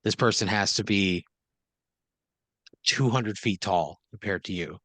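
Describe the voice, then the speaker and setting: A man's voice: lowish voice, measured pace, bright, forceful tone, dry recording. A man hosting an improvised comedy podcast, narrating a story casually with lots of fillers and laughter. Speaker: host and game master.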